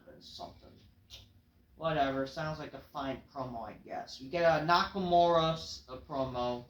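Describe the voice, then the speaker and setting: A man with a notably high voice talks through a wrestling show recap in a casual, offhand ramble. His voice rings around a roomy, echoey space. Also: moderate pace, a bit bright. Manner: rambling and offhand, heavy on fillers.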